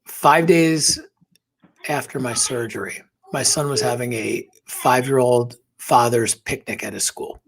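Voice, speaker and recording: A man tells his story as a podcast guest, his voice husky and a touch breathy. He speaks earnestly and with emotion, sinking into a near-whisper at the most tender moments. His pitch sits in an ordinary middle range. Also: measured pace. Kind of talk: personal storytelling in an interview.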